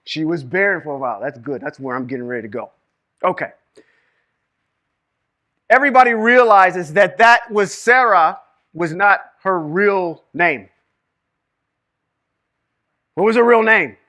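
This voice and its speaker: A man teaching Hebrew reading and scripture to a live group, lively and quizzing the room with questions. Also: sits high, unhurried, pauses often. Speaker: Bible teacher. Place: room with a small live audience.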